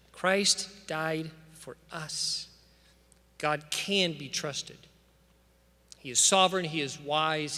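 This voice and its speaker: A man's voice: a little high, pushed and bright. A man giving an earnest, emphatic commencement address with scripture, in a preacherly cadence to graduates in a large church. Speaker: school official addressing graduates. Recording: long church-hall reverb.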